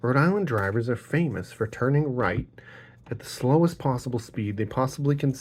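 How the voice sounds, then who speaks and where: A man's voice: medium pitch, lively intonation, normal speed, slightly rough. A man chatting casually while sorting trading cards, rambling with jokes and profane rants. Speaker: card-opening channel host.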